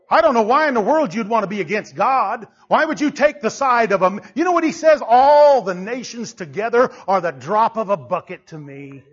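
Male pastor with a high voice, fiery sermon that swings from hushed to shouting, dull lo-fi recording. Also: husky. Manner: swings from quiet to shouting, laughing.

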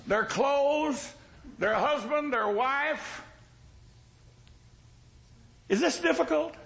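A man's voice: sits high, gravelly, bright, forceful tone, low-quality recording. A male pastor preaching a sermon in a folksy, joking way, with emphatic repetition.

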